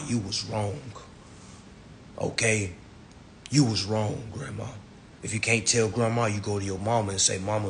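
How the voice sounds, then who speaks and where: A man ranting in on a phone livestream, swearing and swinging between shouting and low muttering. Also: a little hiss or hum. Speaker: social media lecturer. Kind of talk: ranting Instagram live talk.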